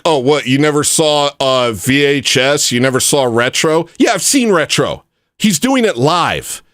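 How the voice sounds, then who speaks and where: Excitable ranting man on a livestream. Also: a little high, dry recording, studio quality. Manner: excitable, ranting, swings from mumbling to loud outbursts. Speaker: livestream host. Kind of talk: casual livestream rant.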